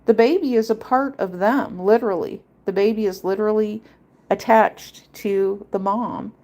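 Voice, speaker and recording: A woman at medium pitch and normal speed, with a darkish tone, hosts a livestream and shares a story from her own life. She rambles emphatically, repeating points, and imitates the voices she quotes in this casual monologue.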